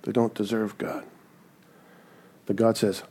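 A pastor with a warm, husky, medium-pitched voice preaches at a normal speed. His sermon feels conversational, with frequent "right?" and asides where he acts out the voices he quotes.

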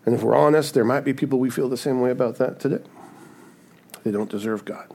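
Gravelly-voiced male pastor preaching. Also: mid-range voice, fast, mellow. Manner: conversational, often asks "right?"; acts out quoted voices in asides. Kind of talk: sermon.

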